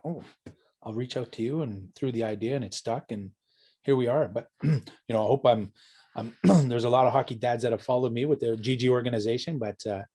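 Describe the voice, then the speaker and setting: A man's voice: mid-range voice, dark tone. Rambling middle-aged man telling stories. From Canada. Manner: rambling, self-correcting, laughs at his own stories. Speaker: guest, hockey parent. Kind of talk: casual storytelling interview.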